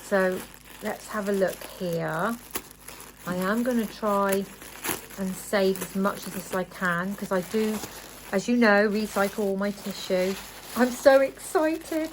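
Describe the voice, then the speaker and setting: A woman talks her viewers through a parcel of craft goodies. Her chat is casual and full of excited gushing. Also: mid-range voice, unhurried, noisy background. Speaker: craft vlogger.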